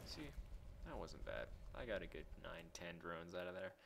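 A young man casually commentating his own game replay, excitable and self-mocking, swearing as he goes. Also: deep voice, moderate pace, vocal fry, background noise. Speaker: gameplay commentator.

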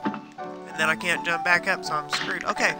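A man's voice: a little high, moderate pace, poor audio. A man hosting a gaming video, chatting casually and poking fun at his own play over game music. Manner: self-deprecating, relaxed. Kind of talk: casual gameplay commentary.

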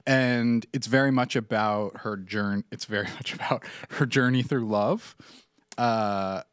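A man's voice: mid-range voice, a little slow, clear, resonant tone, no echo, clean studio sound. A man co-hosting a culture podcast, talking casually with frequent laughs and fillers. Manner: laughs often while describing, many fillers. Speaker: podcast co-host. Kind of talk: casual chat.

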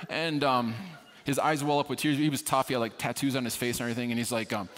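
A man's voice: medium pitch, fast talker, a bit bright, a little hiss or hum. A man preaching a sermon, telling a story with humor and poking fun at himself. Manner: humorous, self-deprecating storyteller. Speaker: pastor. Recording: long reverb of a large hall.

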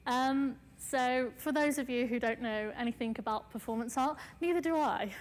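A woman's voice: on the high side, normal speed, in a large hall. A woman artist giving a casual lecture, chatty, with many fillers and light self-mocking asides.

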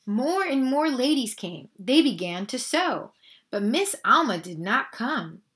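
A woman reading a children's picture book aloud, animated and expressive, speaking to young listeners. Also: a little high, a little slow. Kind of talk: children's read-aloud narration.

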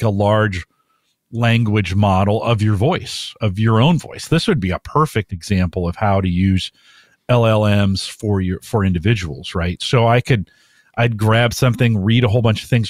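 Lower-voiced guy cohosting a podcast, thinks out loud, lots of restarts, dry sound. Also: no room sound. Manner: musing, thinks aloud with restarts. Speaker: podcast co-host. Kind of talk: casual live podcast chat.

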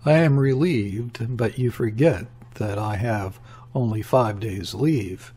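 A brooding officer on leave, read by a man, speaking in a dead, even tone with a mocking edge. The voice is husky and very slow. It suits a storybook. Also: lowish voice. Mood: gloomy.

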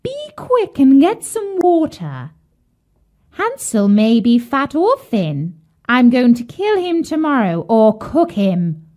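A woman voicing a cruel, greedy old witch in a storybook, shrill and jeering, snapping out orders. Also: very animated, slow. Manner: shrill, jeering, bossy shouting.

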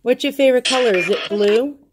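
A woman casually talking through a ghost hunting session at home, asking slow questions aloud with pauses in between. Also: on the high side, noisy background. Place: indoors at home with a dog nearby.

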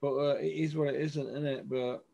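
A man hosting a show, giving a blunt, sweary opinion rant with loud outbursts. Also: a little high, little pitch movement, a little fast, creaky, dull audio. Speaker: host.

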